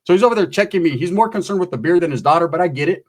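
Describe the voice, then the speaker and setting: A man telling a comic story, animated and profane, acting out every character himself. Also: sits high, racing. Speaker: comedian. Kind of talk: comedic storytelling.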